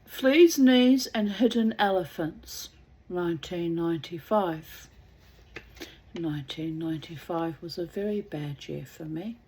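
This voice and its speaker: A woman's voice: fairly low pitch, warm tone, a little hiss or hum. A middle-aged woman reading aloud and rambling in wry asides, sometimes dropping to a whisper. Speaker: reader.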